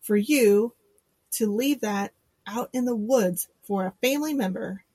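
Woman, husky voice, higher pitch, dry close sound, sarcastic podcast co-host. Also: a little slow, dark tone, dry recording. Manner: laughing, sarcastic, quotes people in mock voices. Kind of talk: casual chat.

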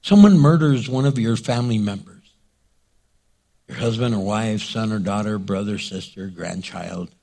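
A man's voice: on the low side, moderate pace, gravelly, mellow. A male pastor preaching a sermon in a dramatic way, acting out scenes and quotes.

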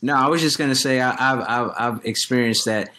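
A man's voice: mid-range voice, brisk, pushed and bright. Laid-back man telling food stories. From New York. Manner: storytelling, acts out people he quotes. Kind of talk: casual group chat.

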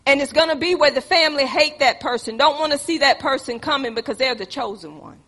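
A woman preaching a sermon, moving between loud exhortation and hushed personal stories, calling her listeners "y'all.". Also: high voice, fast, long reverb tail. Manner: animated, swings from loud exhortation to hushed storytelling; addresses the congregation as "y'all".

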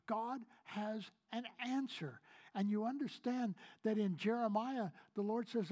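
A Kentucky pastor preaches a sermon, posing questions to the congregation and swinging between loud emphasis and soft, hushed lines. His voice is high and his pace measured.

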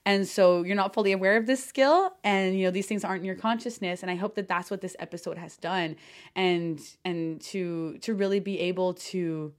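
A woman hosting a solo podcast as a coach, talking effusively with lots of fillers and casual swearing, sometimes near shouting with excitement. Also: lowish voice, moderate pace.

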